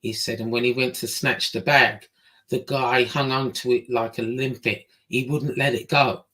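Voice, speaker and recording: Blunt English woman telling a story. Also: normal speed. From England. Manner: lively, acts out quotes with big pitch jumps; blunt, swears freely. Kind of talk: casual storytelling.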